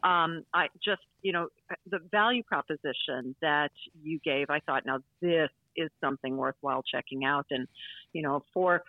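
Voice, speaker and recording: A woman's voice: sits low, normal speed, dry recording. A woman from Wisconsin with an American Midwestern accent, a guest speaking in a casual podcast interview with a chatty, self-deprecating manner and frequent restarts. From Wisconsin, USA. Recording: tinny phone-like line.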